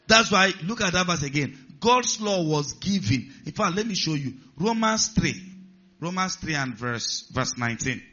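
A man's voice: on the high side, lively intonation, moderate pace, pushed and bright. A male pastor preaching a sermon, stressing key words and putting questions to the congregation. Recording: slightly muffled recording.

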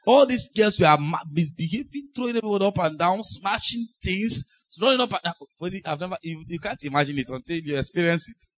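A man preaching a sermon, telling deliverance stories with laughs and sudden shouted lines. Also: high-pitched, fairly quick. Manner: animated storytelling, laughing, shouting bursts. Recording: dull lo-fi recording.

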